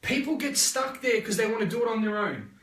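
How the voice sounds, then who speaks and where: An Australian man in a live motivational talk as a life coach, energetic and rambling, repeating himself and checking in with "yeah?". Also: high-pitched, fairly quick, echoey room, distant mic. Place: live online session.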